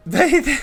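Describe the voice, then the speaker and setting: A young man reviewing a TV episode in a casual, sarcastic, exasperated way, with a faint music bed behind him. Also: fairly bright tone. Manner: sarcastic, exasperated, mocking impressions. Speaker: TV show reviewer.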